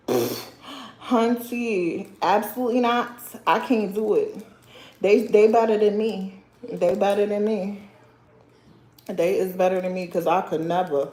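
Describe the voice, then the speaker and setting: With a low, dark voice, this livestream host chats casually and bluntly, full of sass. She keeps calling her viewers sir or girl and laughs a lot, all in a room with noticeable echo.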